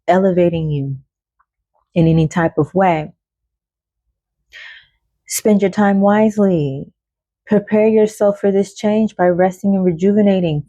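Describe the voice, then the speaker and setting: Mellow, chatty woman reading oracle cards. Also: mid-range voice, dry recording. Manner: loose, chatty, laughs often and swears casually. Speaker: oracle card reader. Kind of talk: casual spiritual card reading.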